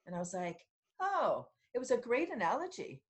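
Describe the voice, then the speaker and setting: A woman's voice: on the high side, very animated, quick pace. A middle-aged woman from Canada talks as a podcast guest. She tells her stories casually and with a lot of life, laughs often, and acts out other people's lines with plenty of expression. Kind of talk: casual storytelling in an interview.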